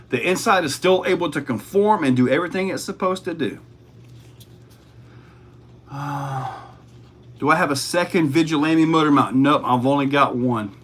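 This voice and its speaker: A man's voice: a little high, a bit bright. A man hosting a casual livestream, reading chat questions aloud and answering in a laid-back way.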